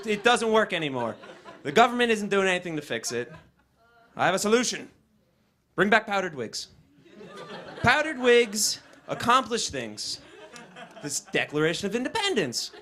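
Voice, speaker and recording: Animated young male stand-up comic. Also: high-pitched. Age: young adult. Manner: animated, wry storytelling. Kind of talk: stand-up comedy set. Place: college event room with live audience.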